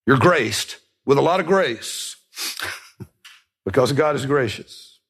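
A man preaching a sermon, explaining scripture in an earnest teaching manner with small restarts and soft laughs. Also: mid-range voice, expressive, slow pace, husky. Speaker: pastor.

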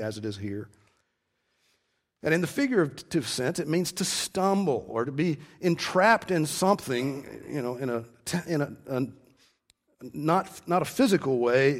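A male preacher giving an expository sermon, earnest, slowing down to stress key words and often repeating words as he restarts. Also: mid-range voice.

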